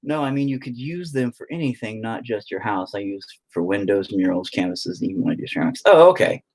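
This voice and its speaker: The host of a painting livestream, a young American man, speaks fast in a lowish, steady, darkish voice. He rambles and jokes crudely as he paints and reads out chat messages.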